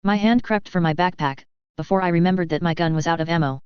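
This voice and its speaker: An audiobook narrator reading a fanfiction story aloud in an even, measured way, first with an author's note and then with the chapter. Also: medium pitch, smooth, no room sound, lo-fi sound.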